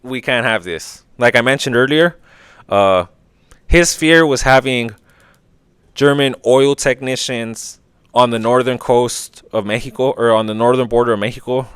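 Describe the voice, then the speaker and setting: Guy ranting history on his podcast, swears a lot, smooth voice, dead dry sound. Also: medium pitch, dry recording. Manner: profane, opinionated, acts out quick voices. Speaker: podcast host. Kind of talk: casual history podcast monologue.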